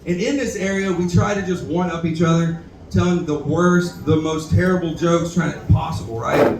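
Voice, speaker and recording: A young man with a drawl runs through a rambling, self-deprecating stand-up set full of cussing and asides to the crowd. His voice sits a little high for a man. It is caught from a distance in a roomy, echoey bar. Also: fairly even intonation, moderate pace, noisy background. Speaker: stand-up comedian at open mic. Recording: echoey bar room recorded from afar.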